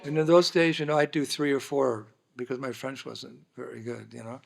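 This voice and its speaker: A man as guest speaker at a dinner, telling an anecdote in a lively way and acting out the dialogue. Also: mid-range voice, brisk, gravelly. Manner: lively storyteller, acts out dialogue. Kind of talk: anecdotal storytelling talk. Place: dinner hall, indoors.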